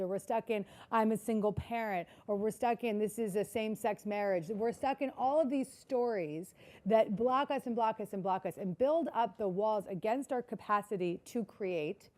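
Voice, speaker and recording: A woman's voice: medium pitch, darkish tone. A woman giving a keynote talk to a live audience, earnest and repetitive, often asking the audience questions. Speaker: keynote speaker. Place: conference hall before a live audience.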